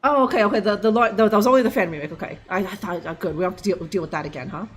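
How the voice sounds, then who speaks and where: A woman's voice: medium pitch, very fast, husky. A young woman streaming a game live, joking and rambling with lots of fillers. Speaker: livestream gamer. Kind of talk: casual live gameplay commentary.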